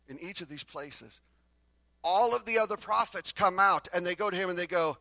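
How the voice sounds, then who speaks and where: A male pastor delivers a sermon with a bright, forceful edge, rising to loud bursts and falling to hushed lines, now and then acting out the exchanges between the prophets. His voice sits a little high for a man and sounds dry and close. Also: fast talker, dry recording.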